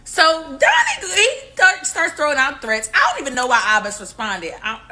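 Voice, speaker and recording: A middle-aged woman hosting a casual live stream, talking in an animated, profane, slangy way. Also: high-pitched, moderate pace. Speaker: livestream host.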